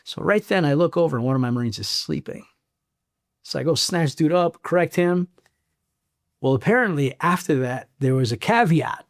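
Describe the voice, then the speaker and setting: Blunt, animated man from Chicago, fairly high voice. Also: normal speed. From South Side of Chicago, US. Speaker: former Marine master sergeant, guest. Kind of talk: casual storytelling interview.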